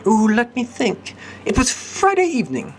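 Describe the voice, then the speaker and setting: A man voicing an excitable young noblewoman cat in a high, squeaky voice for a game. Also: moderate pace, heavily acted. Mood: chatty.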